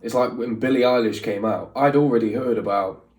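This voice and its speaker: A man's voice: medium pitch, fairly quick, darkish tone. A man hosting a reaction video, chatting casually and giving opinions in a rambling way with lots of fillers. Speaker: reaction channel host. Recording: roomy echo, mic at a distance, faint music.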